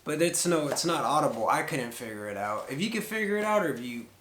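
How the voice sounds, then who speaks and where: A man's voice: on the high side, expressive, quick pace, a bit bright, roomy sound, a little hiss or hum. A middle-aged man telling a rambling story to the camera, full of fillers as he retells conversations. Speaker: paranormal vlogger.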